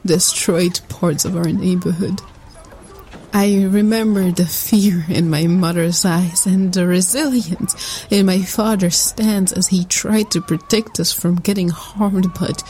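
A woman narrating a scripted first-person story in a soft, sombre reading. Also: mid-range voice, a little hiss or hum, rough recording.

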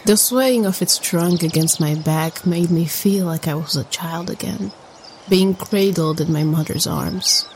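Soft-spoken woman narrating slowly. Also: lowish voice, slight background noise, rough recording. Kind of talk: scripted first-person storytelling.

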